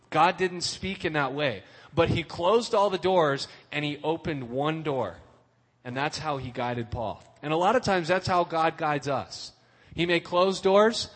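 A man's voice: fairly high pitch, fairly bright tone. A man giving a casual youth sermon, conversational and asking his listeners questions as he reads and explains scripture. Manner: conversational, asks the room questions. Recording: long hall reverb.

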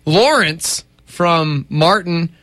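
A man's voice: a little high, animated, very slow, a bit bright, no room sound. A man hosting a radio show, playful and teasing, with mock-tough joking. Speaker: radio host. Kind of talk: casual morning-radio banter.

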